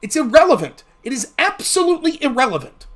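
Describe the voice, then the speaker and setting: A man's voice: very high-pitched, big pitch swings, fast talker, a bit bright. A man hosting a livestream, giving heated, sarcastic, profane political commentary. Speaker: livestream host.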